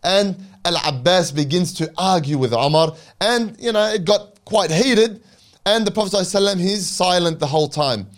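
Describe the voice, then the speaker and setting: A man's voice: high-pitched, expressive, fairly quick. A male preacher narrating a religious story dramatically, breaking in with reverent asides.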